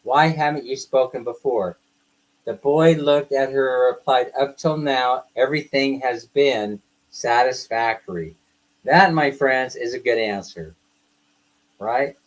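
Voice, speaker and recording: A man's voice: medium pitch, a little slow, rough recording. A middle-aged man hosting a livestream, reading jokes aloud and chatting with his viewers, laughing at his own punchlines and wandering into asides. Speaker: livestream host.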